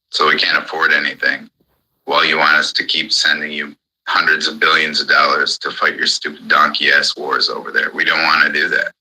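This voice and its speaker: Poor audio carries a man's bass voice, bright and forceful with a breathy edge. He's furious and profane in a monologue on a live audio chat, repeating his points again and again.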